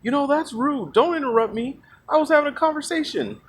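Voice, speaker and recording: A man voicing an awkward, pushy young man who chases girls, loud, whiny and pleading. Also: a little fast. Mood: indignant. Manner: high-pitched, pleading, obnoxiously loud. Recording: noisy background.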